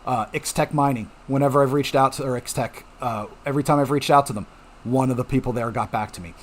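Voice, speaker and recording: A middle-aged man hosting a home mining channel, talking casually and reassuringly to viewers and checking in with them often. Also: medium pitch. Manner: chatty, reassuring, frequent "okay?" check-ins. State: coughing at times. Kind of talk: casual explanatory talk to viewers.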